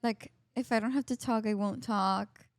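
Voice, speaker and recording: A young woman co-hosting a podcast, chatting casually with relaxed, playful interjections. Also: fairly high pitch, moderate pace. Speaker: podcast co-host. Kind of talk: casual chat.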